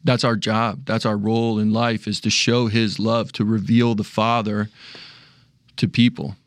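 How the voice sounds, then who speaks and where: A man's voice: fairly low pitch, level tone, a little slow, dry recording, clean studio sound. Earnest young father talking faith. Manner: earnest, restarts often. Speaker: discussion panelist. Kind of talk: casual faith discussion.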